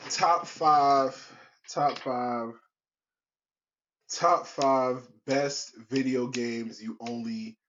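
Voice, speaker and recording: Slow, rambling young man on a podcast. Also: mid-range voice, highs cut off. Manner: rambling, relaxed, slangy with restarts. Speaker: podcast host. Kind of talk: casual solo podcast chat.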